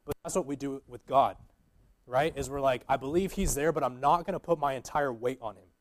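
A man's voice: mid-range voice, fairly quick. A young man giving an earnest, informal sermon as a guest preacher, with many fillers and restarts.

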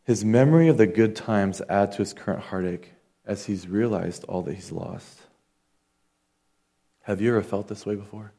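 Earnest man preaching, low voice. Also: moderate pace, dark tone. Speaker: pastor. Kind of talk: sermon.

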